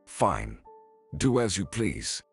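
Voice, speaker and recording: A man voicing a worried young mother who speaks softly and pleads. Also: deep voice, sing-song, slow pace, creaky, breathy edge, full character voice. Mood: anxious. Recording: faint music behind.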